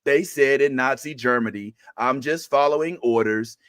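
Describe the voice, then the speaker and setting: A man's voice: medium pitch, moderate pace, a bit bright, smooth, no echo. A man co-hosting a casual livestream show, arguing his point earnestly and mimicking reporters in a raised voice. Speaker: podcast co-host.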